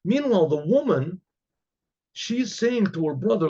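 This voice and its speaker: A man, a rabbi, telling a religious story in a halting way with many restarts and frequent throat-clearing. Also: high-pitched, big pitch swings, mellow, lo-fi sound. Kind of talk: oral storytelling.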